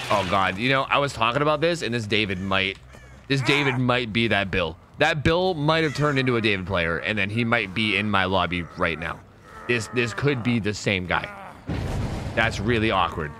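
Animated young man with lively pitch. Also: normal speed, noisy background. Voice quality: animated, joking, talks to players on screen. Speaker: gaming streamer. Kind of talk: casual gameplay commentary.

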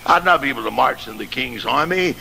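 A man preaching a sermon, telling a story dramatically and rising to shouted climaxes. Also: mid-range voice, animated, brisk, creaky. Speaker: pastor. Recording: noisy old sermon tape.

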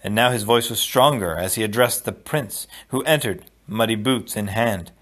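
A man reading a novel aloud in a steady, measured narration. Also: on the low side. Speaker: audiobook reader. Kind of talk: storybook read-aloud.

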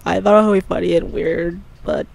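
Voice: medium pitch, fairly even intonation, fairly quick, gravelly. The creator of an audio drama series, rambling through a casual commentary with an offhand, slightly sleepy manner and many self-corrections. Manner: rambling, often restarts and corrects itself.

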